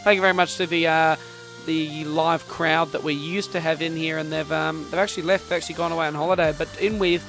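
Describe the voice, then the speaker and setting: A man's voice: a little high, fairly even intonation, fast talker, gravelly, hardly any pauses, music in the background. A young man hosting a casual comedy podcast, joking and rambling, often tripping over and repeating his words. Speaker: podcast host.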